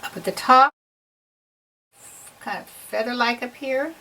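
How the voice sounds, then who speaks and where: A woman's voice: a little high, unhurried, pushed and bright. A woman giving a patient, step-by-step drawing lesson to children. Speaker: art teacher. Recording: voice a bit far from the mic.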